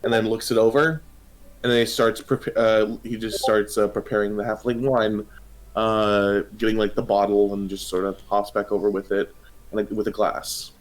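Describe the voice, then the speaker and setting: A man narrating as game master of a tabletop role-playing game, halting and full of pauses. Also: on the low side, level tone. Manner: hesitant, many pauses.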